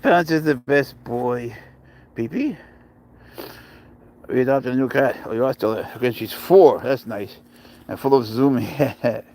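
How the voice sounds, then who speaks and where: A man chatting casually on a live stream, swearing freely, laughing often and slipping into soft baby talk with his pet. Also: medium pitch, rough recording.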